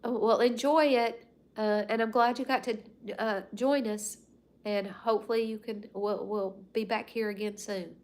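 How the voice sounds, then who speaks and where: Chatting with live viewers from home, this folksy Southern woman in her fifties rambles along and drops soft asides as the livestream's host. She speaks at a moderate pace, her fairly high voice keeping a fairly even intonation.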